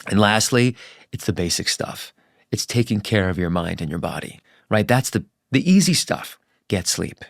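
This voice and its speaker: Middle-aged journalist guy being interviewed, lively up-and-down voice, earnest, acts out stories. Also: lowish voice, normal speed, vocal fry, dry recording, clean studio sound. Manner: earnest and animated, acts out anecdotes. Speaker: guest, journalist. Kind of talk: candid conversational interview.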